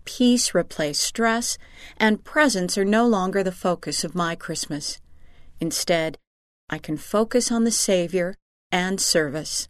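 A woman giving a measured, sincere scripted reading of letters. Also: fairly low pitch, no room sound, studio quality.

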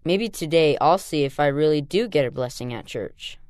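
A man's voice: a little high, animated, normal speed, darkish tone, clear, resonant tone, dry recording, voice pushed up, close to an everyday voice. A whiny, pleading little boy with a lighter, raised voice, as a man puts him on. It is a storybook reading, set down on a dry, close recording. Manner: pleading, sulky. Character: reluctant young boy, a bit whiny.

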